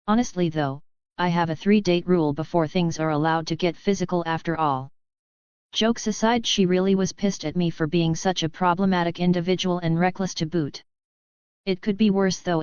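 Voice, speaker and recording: Smooth lowish woman narrating a novel. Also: darkish tone, dry recording, dull audio. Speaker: audiobook narrator. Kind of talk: scripted first-person narration.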